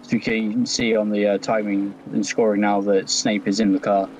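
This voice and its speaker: A man's voice: fairly low pitch, flat delivery, normal speed, a little hiss or hum, low-quality recording. A man co-commentating a sim race in an easygoing way with many fillers. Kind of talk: live sim racing commentary.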